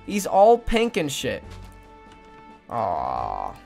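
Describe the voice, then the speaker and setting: An excitable woman streamer gives casual gaming commentary, her pitch leaping wildly from squeals of delight to low mumbles. She coos at a pet in a baby voice, with faint game music playing underneath. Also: normal speed. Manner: excitable, swinging between squealing joy and mumbled asides.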